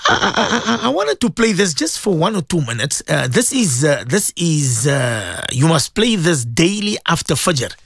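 A man's voice: a little high, big pitch swings, unhurried, creaky, hardly any pauses, a bit bright, dry recording, clean studio sound. A man presenting a morning religious radio talk, fervently pleading with listeners and repeating his points. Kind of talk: emotional Islamic radio talk.

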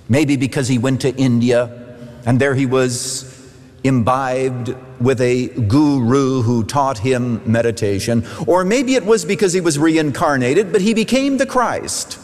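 Lively-voiced preacher man in a hall. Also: mid-range voice. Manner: storytelling preacher, emphatic rises and drops. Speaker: pastor. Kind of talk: sermon. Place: large church. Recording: long hall reverb.

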